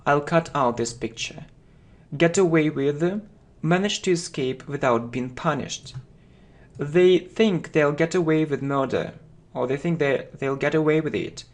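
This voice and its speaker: A man teaching English vocabulary, who says each phrase and then repeats it slowly and deliberately. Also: fairly high pitch. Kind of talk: vocabulary lesson.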